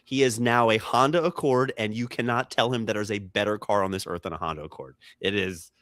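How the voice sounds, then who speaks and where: A man's voice: a little fast, no room sound, studio quality. A man co-hosting a comedy podcast, telling stories in casual chat and acting out the people in them. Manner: animated, acts out quoted people with jumps in pitch. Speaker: podcast co-host.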